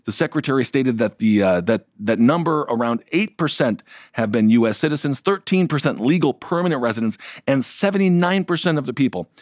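A man's voice: medium pitch, a little fast, no echo, clean studio sound. A man co-hosting a political news show, giving casual, sardonic commentary with frequent jokes. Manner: sardonic, animated, laughs often.

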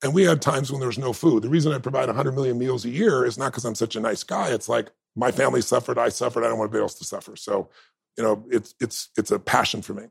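A middle-aged man, a podcast guest, telling stories in an animated, emphatic way. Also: mid-range voice, fast, vocal fry, breathy edge, dry recording. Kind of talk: storytelling interview talk.

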